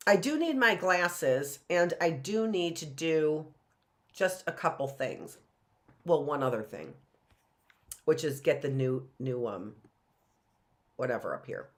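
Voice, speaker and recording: Chatty rambling woman teacher, lively pitch. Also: slow, pauses often. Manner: rambling and chatty, talking to students. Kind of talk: casual classroom video talk.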